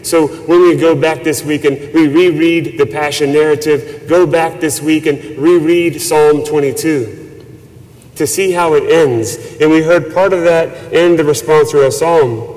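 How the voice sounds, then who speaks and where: A man preaching a sermon as a priest, slow and measured with reverent emphasis. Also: a little high, a little mellow. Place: church. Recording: long church reverb.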